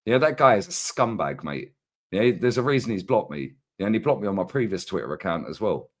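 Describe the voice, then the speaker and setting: A low-voiced man, talking football in a slangy, ranting flow. He keeps pressing his points in an animated way as he co-hosts a casual chat. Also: a little fast. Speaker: co-host.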